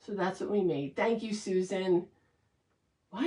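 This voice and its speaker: A woman's voice: mid-range voice, animated, normal speed, mellow, distant mic. A woman chats through a craft livestream, rambling and restarting as she talks to her viewers and gets emotional. Her voice sits in a medium range. It sounds roomy, picked up from a little way off the mic. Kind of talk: casual livestream chat.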